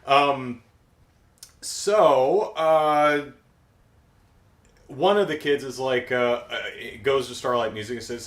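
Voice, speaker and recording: A man's voice: mid-range voice, expressive, unhurried. A middle-aged man recapping a cartoon episode in a casual, jokey, rambling way. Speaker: show recap host. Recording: roomy echo.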